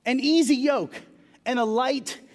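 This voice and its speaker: A man's voice: very high-pitched, measured pace, in a large hall. A man preaching a sermon as a pastor, conversational, repeating words and building emphasis. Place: church.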